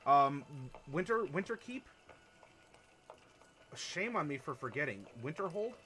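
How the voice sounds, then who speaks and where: Male streamer host, casual and rambling, bright voice pitched slightly high. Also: big pitch swings, measured pace. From Ohio. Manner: chatty, rambling, reads chat aloud and laughs often. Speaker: streamer running a worldbuilding workshop. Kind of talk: casual live-stream talk to chat.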